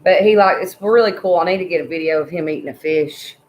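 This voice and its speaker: A woman's voice: lowish voice, fast talker, darkish tone, reverberant, low-quality recording. A woman hosting a casual live stream, loose and swearing freely while she chats with viewers and fusses over her pets. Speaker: livestream host.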